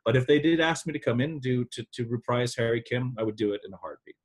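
A man's voice: mid-range voice, husky. A man being interviewed over a video call, chatting casually and animatedly with frequent laughs. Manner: animated, laughs often, quick asides. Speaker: actor guest.

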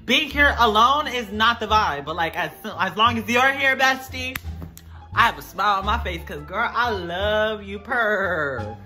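A woman's voice: medium pitch, animated, unhurried, pushed and bright, faint music behind. A woman playing a sassy, dramatic teenage schoolgirl in a comedy skit, full of "like". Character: sassy dramatic teen girl student.

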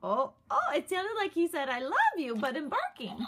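A woman's voice: extremely high pitch, wildly swooping pitch, moderate pace, noisy background. A woman narrating a toy unboxing off camera, gushing and giggly in a sing-song way. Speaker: toy reviewer.

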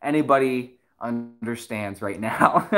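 Excitable, giggly stream host with a mid-range voice, rambling chat between songs. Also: medium pitch, slow. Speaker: livestream host and musician. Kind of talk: casual livestream chat.

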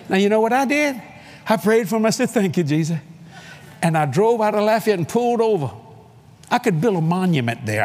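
A man's voice: sits high, a little mellow, breathy edge. An older man preaching, telling a story with acted-out voices, hollers and laughs. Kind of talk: animated storytelling sermon. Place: large convention hall.

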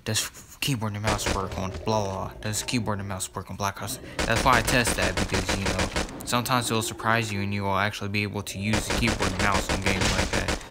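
A man talks loosely over his gameplay, repeating himself and stringing thoughts together with fillers. His voice sits low and gravelly. Loud game gunfire and shooting runs underneath the whole time. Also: flat delivery, brisk, very noisy. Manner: rambling, repeats words, many fillers. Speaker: gaming YouTuber. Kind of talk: casual gameplay commentary.

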